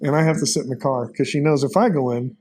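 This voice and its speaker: Against crowd noise, a fast-talking man with a medium-pitched voice tells folksy, rambling tales as an interview guest. He's from Texas, in his 50s, and leans on plenty of fillers in the casual exchange.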